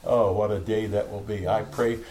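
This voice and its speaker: Fervent middle-aged male pastor, home-church sermon, a bit low-pitched, faint noise behind. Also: fairly even intonation, normal speed, darkish tone, low-quality recording. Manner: fervent, rambling, with laughs. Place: home meeting room.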